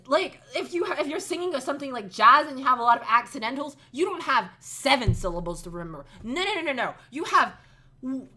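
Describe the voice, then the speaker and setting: A young woman delivers a comedic rant straight to the camera. Her voice sits high, and she sounds exasperated and emphatic, with a tone that is crisp and bright. She sighs and laughs at her own frustration. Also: very animated, a little fast. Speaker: music rant vlogger.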